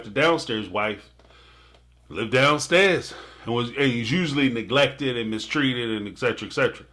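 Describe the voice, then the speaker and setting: A man's voice: medium pitch, a bit bright. A man hosting a casual live stream, reacting to a TV episode and reading out viewer super chats with jokes, playful asides and frequent laughter.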